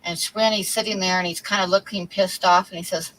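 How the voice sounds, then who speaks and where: A woman's voice: fairly low pitch, fairly even intonation, a little fast, a bit bright, low-quality recording. A woman hosting a livestream, chatting casually and telling corny jokes, then apologizing for them. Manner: joking, apologetic about bad jokes. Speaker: livestream host.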